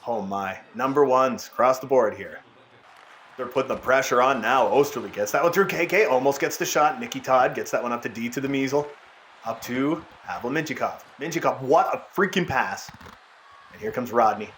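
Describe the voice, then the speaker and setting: Excited man calling hockey gameplay. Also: medium pitch, moderate pace, a little hiss or hum. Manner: casual excited play-by-play, swears. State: voice worn out. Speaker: gaming YouTuber. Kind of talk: gameplay commentary.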